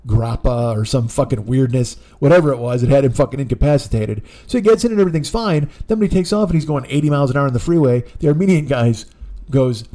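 A man hosting a podcast, telling a comic story in a profane, rambling, animated way. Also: mid-range voice. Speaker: podcast host.

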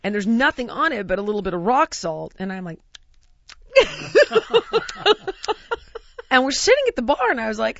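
Animated American woman telling a story. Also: a little high, fast, vocal fry, no room sound, highs cut off. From United States. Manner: animated, lively anecdote telling with frequent laughs. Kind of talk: casual storytelling chat.

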